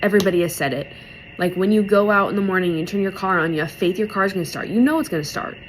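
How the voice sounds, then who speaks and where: A young woman speaks in a chatty, informal way, her voice often wavering as she comes close to crying while she talks about her faith. Faint background noise sits under her voice, which is pitched in a middle range. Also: fast talker, rough recording. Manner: emotional, on the verge of tears, chatty with many "like"s. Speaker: speaker in a church devotional video series. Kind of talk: casual heartfelt devotional talk.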